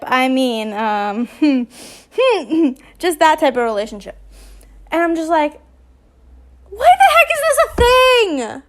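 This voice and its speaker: Casual host, woman, high-pitched, rambles between chat and stumbling fanfiction reading. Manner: rambling, stumbles and restarts often while reading. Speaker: fanfiction reader and channel host.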